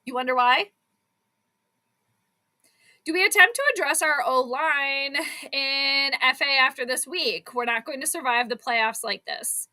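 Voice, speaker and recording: A woman's voice: sits high, moderate pace, hardly any pauses, pushed and bright. A woman hosting live sports commentary for her stream, exasperated and sarcastic about her team's play. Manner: exasperated, sarcastic, fired-up fan. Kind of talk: live game commentary and chat.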